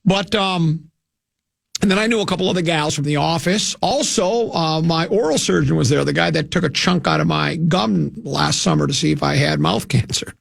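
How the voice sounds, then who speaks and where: A man's voice: on the high side, moderate pace, vocal fry, no echo, studio quality. An older man from hosting a radio show, telling a rambling, self-mocking anecdote with many restarts. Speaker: radio host.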